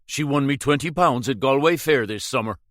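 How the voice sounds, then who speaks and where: A man voicing an eager, proud village publican who talks in an excited, hearty way. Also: medium pitch, a little fast, no room sound, studio quality, voice pushed up, lightly acted.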